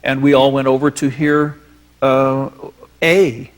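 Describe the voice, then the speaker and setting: A man's voice: mid-range voice, flat delivery, takes it slowly. A man, a filmmaker guest, reminiscing onstage in a rambling, filler-laden storytelling way.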